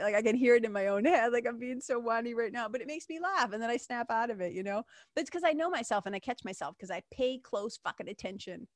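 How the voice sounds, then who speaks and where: A chatty woman podcast host talks through a self-help monologue, dotted with fillers, mild swearing and laughs at herself. Her voice sits at a middle pitch and sounds close and dry, with no room around it. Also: no room sound.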